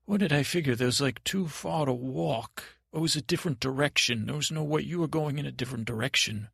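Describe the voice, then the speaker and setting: A man's voice: medium pitch, a little fast, gravelly, a bit bright, husky, no echo, studio quality. A man playing a timid, dreamy boy prince, stammering and meandering through an improvised bedtime story. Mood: rambling.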